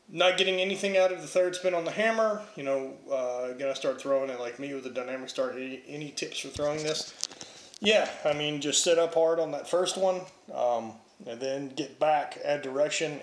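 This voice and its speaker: A young man answering viewer questions about Highland Games throwing and training in a blunt, offhand way with casual swearing. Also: moderate pace, roomy sound. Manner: blunt, profane, offhand, reads questions aloud then answers. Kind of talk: casual Q&A vlog.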